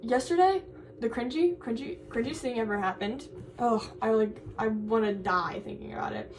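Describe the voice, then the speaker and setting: A woman's voice: fairly high pitch, normal speed, far from the mic. Rambling young woman telling a story. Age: young adult. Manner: rambling, animated storytelling with lots of "like". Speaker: college student vlogger. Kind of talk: casual vlog chat.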